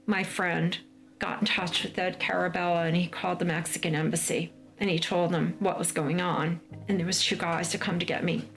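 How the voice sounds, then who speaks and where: A woman's voice: on the low side, creaky, fairly bright tone. A woman from the United States, speaking in a documentary interview and telling her story, often acting out what others said. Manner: storytelling, acts out quoted lines of others. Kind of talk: documentary interview, recounting a personal ordeal.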